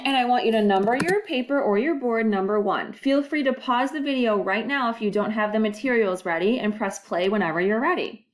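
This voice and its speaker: A woman teacher giving a recorded phonics lesson, slow and deliberate, stretching out the model words and praising often. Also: fairly high pitch. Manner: encouraging, sing-song classroom delivery.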